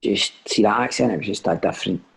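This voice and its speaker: A man's voice: lowish voice, fast, vocal fry, over a noisy crowd. A Scottish man, a former footballer and podcast guest, answering briefly and easily over a video call. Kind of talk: casual chat.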